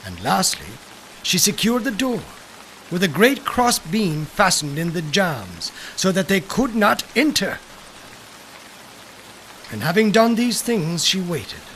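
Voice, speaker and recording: Guy narrating folk tales, slow and dramatic, lively highish voice, faint rain behind. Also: a little hiss or hum. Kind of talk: scripted folklore narration.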